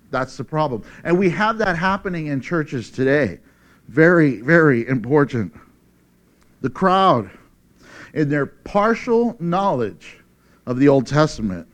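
A man preaching a sermon, reading scripture dramatically, laughing often and shouting for emphasis. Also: on the high side.

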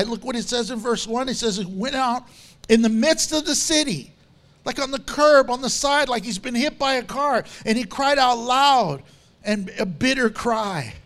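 A man preaching a sermon with animated storytelling, acting out the quotes he tells. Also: very high-pitched.

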